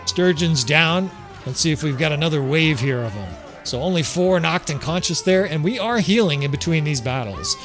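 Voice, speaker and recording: A man giving casual strategy game commentary, joking and swearing as he plays, chuckling often. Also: on the high side. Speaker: gameplay commentator.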